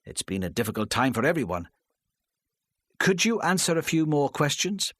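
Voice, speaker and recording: A man playing a patient male police inspector who questions in a calm, measured way. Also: fairly high pitch, dry recording, clean studio sound, pitched above the performer's own voice. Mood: probing.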